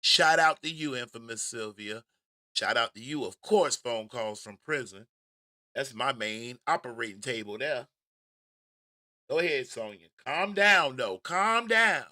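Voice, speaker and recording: A man hosting a casual commentary livestream, talking in an animated, emphatic way with frequent stammers and restarts. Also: medium pitch, unhurried, dry recording, clean studio sound. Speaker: host.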